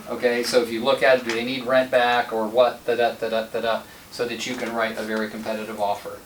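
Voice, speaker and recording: Male team-lead trainer, chatty anecdotal delivery, mid pitch, filmed in an echoey meeting room from a distance. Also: monotone, fast. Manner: conversational, tells anecdotes with quoted dialogue. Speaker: real estate team leader and trainer. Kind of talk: casual sales training talk. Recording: roomy sound from a distant mic, faint noise.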